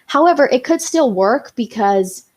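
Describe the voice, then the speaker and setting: A young woman with a voice on the high side and lively intonation hosts a relaxed live stream at an unhurried pace. Her tone is darkish, and she reads out viewer comments while chatting, dropping lots of "um" and "you know."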